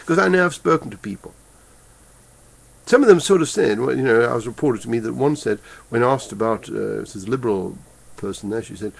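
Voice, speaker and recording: A man angrily delivering a heated political rant to his webcam, halting and repeating himself as he goes. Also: mid-range voice, vocal fry, a little mellow. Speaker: political commentator. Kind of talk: impassioned political rant to camera. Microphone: webcam microphone.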